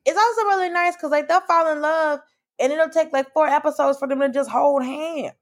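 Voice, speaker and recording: This woman's voice is high-pitched and fairly even in intonation, moving a little fast. A comedian and podcast host appearing as a guest, she keeps the conversation animated and playful, acting out her reactions with lots of "like" and "girl."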